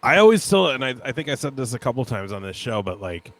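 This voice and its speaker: A man's voice: mid-range voice, very animated, fast talker. A young adult man co-hosting a podcast, chatting casually and telling rambling stories full of "like". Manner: rambling storyteller with many "like" fillers. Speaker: podcast co-host. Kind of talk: casual chat.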